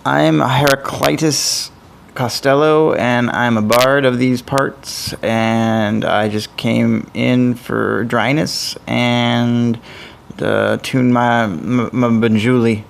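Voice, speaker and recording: A man's voice: medium pitch, fairly even intonation, takes it slowly, vocal fry, a little hiss or hum. Man doing a drawling Southern bard. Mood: folksy. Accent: put-on American Southern. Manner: drawling, meandering, jokey. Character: rambling folksy male wandering bard.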